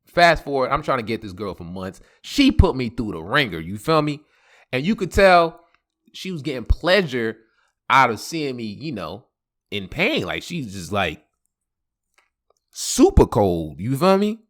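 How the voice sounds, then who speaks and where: Man, podcast host, comic storytelling, slangy, wildly swinging pitch. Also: unhurried. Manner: animated, slangy, laughing asides. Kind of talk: comedic storytelling.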